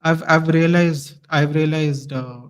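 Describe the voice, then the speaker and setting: Man ranting, fairly high voice. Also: slow pace, smooth, rough recording. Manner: animated ranting. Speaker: guest fan commentator. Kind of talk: casual podcast chat.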